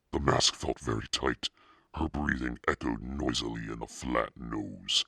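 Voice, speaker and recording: A man hosting a reading podcast as the devil, narrating a book slowly in a sinister persona. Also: pushed and bright, dry recording, studio quality. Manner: slow, deep gravelly devilish delivery.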